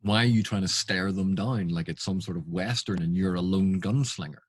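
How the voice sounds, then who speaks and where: A man with a low, husky voice gives unscripted reaction commentary. He is exasperated and asks pointed rhetorical questions. The recording is dry and close. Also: moderate pace, dry recording. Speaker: film and TV critic.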